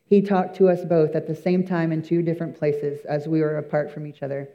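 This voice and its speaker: A man with a high-pitched, level-toned voice gives his church testimony earnestly and emphatically, often pausing on fillers and restarting. The recording is slightly dull and lo-fi.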